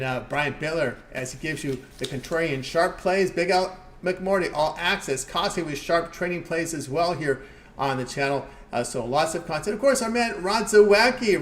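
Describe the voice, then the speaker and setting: A man hosting a live sports betting stream, giving picks and promotions in a quick, upbeat patter with fillers. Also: fairly high pitch. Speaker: sports betting show host.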